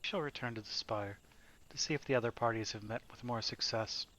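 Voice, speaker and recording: A man's voice: medium pitch, a little fast, fairly bright tone, lightly acted. Man voicing a merciless cat mercenary woman. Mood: scheming. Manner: threatening, menacing. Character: ruthless battle-hardened female cat mercenary.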